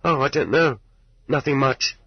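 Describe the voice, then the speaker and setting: A timid young prisoner, played by a man speaks in a thin, lifted voice, hesitant and embarrassed. The hushed questions sound alarmed and shy. It comes from a dull, lo-fi tape recording of an audiobook. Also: mid-range voice, moderate pace, breathy edge, no echo, pitched above the performer's own voice.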